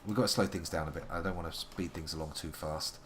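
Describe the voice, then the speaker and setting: A man's voice: low voice, fairly even intonation, fast talker, noisy background. A man giving playful, wordy live commentary on a game he is playing, making theatrical asides to his chat. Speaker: live-streaming game player.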